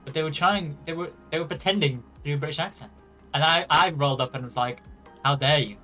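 A playful fellow streamer on voice chat, teasing with mock indignation. The voice sits at an ordinary middle pitch, heard over a voice-chat link. Faint game music plays underneath. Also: quick pace, bright, forceful tone.

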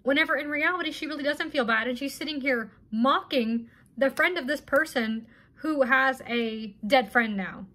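A high-voiced woman giving casual reaction commentary. She sounds indignant and exasperated and keeps her talk loose and chatty. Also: normal speed, bright, forceful tone. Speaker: reaction video host.

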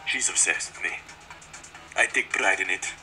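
A man's voice: sits low, moderate pace, sharp tone, faint music behind. A young man co-hosting a casual game video, teasing his friend with mock-arrogant banter.

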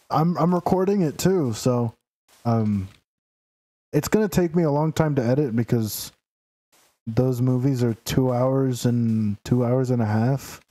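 A man's voice: medium pitch, mellow. A young man streaming a game live, rambling casually, chatting to viewers and teasing game characters in mock outrage. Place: home room, sitting in a noisy chair.

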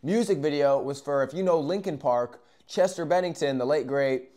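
A young man telling a story in a casual, profane, animated way, with sudden loud bursts and quiet asides. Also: fairly high pitch, moderate pace. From Arizona. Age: young adult.

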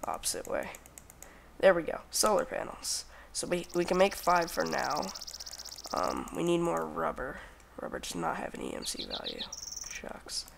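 A man's voice: fairly high pitch, huge pitch swings, moderate pace, creaky, fairly bright tone, slight background noise. A young man hosting a casual game let's play, talking to himself as he crafts and counting under his breath. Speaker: gaming channel host.

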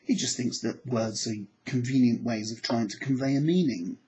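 A man teaching applied psychology to camera, animated and acting out his examples. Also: moderate pace. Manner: animated, acts out examples with sudden pitch jumps. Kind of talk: lecture to camera.

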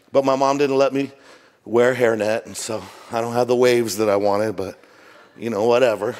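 Middle-aged male pastor, jet lagged, joking sermon style, mid-pitched, reverberant church hall. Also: steady tone, moderate pace, a little mellow. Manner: joking, conversational preaching. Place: church auditorium.

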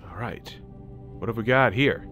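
A man's voice: mid-range voice, normal speed, soft background music. An American man hosting a gaming channel, chatting and laughing through casual gameplay commentary. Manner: excitable, chatty, laughs a lot.

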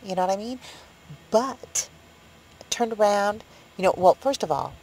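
Woman in her fifties; casual rambling vlog chat, easy laughter, mid-pitched voice. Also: animated, moderate pace, darkish tone, slight background noise, rough recording. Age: 50s. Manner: rambling, chatty, laughs often. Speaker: vlogger. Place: parked van at night.

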